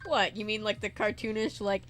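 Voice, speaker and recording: A woman's voice: mid-range voice, fairly even intonation, brisk, fairly bright tone, faint music behind. A woman hosting a let's-play, joking sarcastically with her guest and laughing often. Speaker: host playing a video game. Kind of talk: casual let's-play banter.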